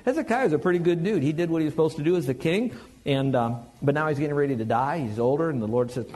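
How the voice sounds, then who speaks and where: Husky-voiced male preacher. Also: fairly high pitch, fast. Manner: conversational, animated, joking with the congregation. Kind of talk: sermon.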